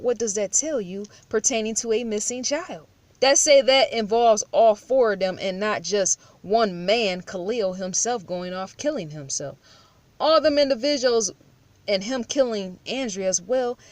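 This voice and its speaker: A woman's voice: mid-range voice, no room sound. A woman giving firm, blunt true-crime vlog commentary, full of rhetorical questions and repetition. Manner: rhetorical questions, repeats herself.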